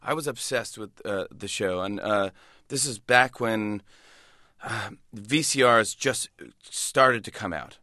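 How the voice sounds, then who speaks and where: A comedian and talk show host, a man, telling animated stories as a guest in a radio interview. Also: lowish voice, no echo, clean studio sound. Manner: animated, quick storyteller with restarts and laughs. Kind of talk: casual storytelling interview.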